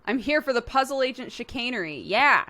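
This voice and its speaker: A woman's voice: a little high, lively intonation, brisk, bright, forceful tone. A woman streamer in casual livestream chat, rambling playfully and laughing often.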